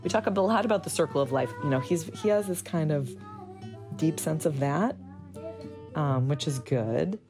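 Very low gravelly woman rambling through a story, lots of fillers, soft music underneath. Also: expressive, normal speed. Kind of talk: candid interview recollection.

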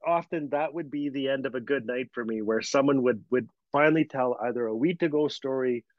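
A man from Northern Canada, a guest telling a story in a lively way, laughing as he goes and acting out the voices. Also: medium pitch, a little fast, no room sound. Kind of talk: animated storytelling. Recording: dull lo-fi sound.

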